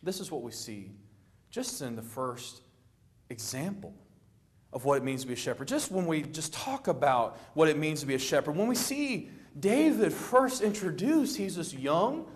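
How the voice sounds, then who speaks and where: A middle-aged man preaching a sermon, telling the story with lively acted-out quotes and a plain conversational manner. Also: moderate pace. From Florida. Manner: animated storytelling, acting out quoted lines with rising pitch.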